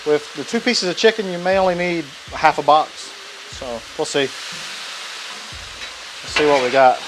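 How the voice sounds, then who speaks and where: A man's voice: on the high side, animated, moderate pace, over music. A man, hosting a casual cooking demonstration in a folksy, chatty way. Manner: folksy, chatty, with many fillers. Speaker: cooking channel host. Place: outdoor griddle.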